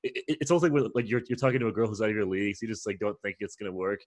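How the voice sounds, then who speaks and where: A man's voice: lowish voice, very fast. Man riffing jokes in casual podcast chat. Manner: joking, riffing on the other host's stories. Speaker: podcast co-host.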